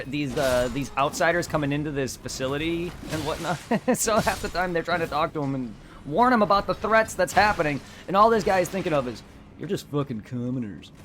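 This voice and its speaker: Rambling, excitable young man streaming. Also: a little high, background noise. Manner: rambling, excitable, swears a lot. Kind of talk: casual gameplay commentary.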